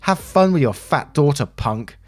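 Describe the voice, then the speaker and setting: A man's voice: fairly high pitch, lively intonation, a little slow, voice pushed up. A man voicing a taunting, confrontational father in his thirties in a narrated story, over faint music. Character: rude entitled father, mid-thirties.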